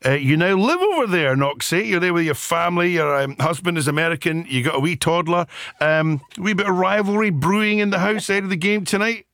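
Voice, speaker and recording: A man's voice: high voice, brisk, a bit bright, dry recording, clean studio sound. A man hosting a radio talk show, bantering jokily with guests. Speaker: radio host. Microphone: radio headphones and studio mic.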